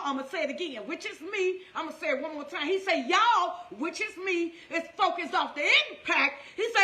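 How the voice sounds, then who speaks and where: St lady in her 50s telling her story on a live stream, high voice, roomy echo. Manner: animated, laughs through emotional memories. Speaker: motivational ministry speaker. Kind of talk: personal storytelling on a livestream.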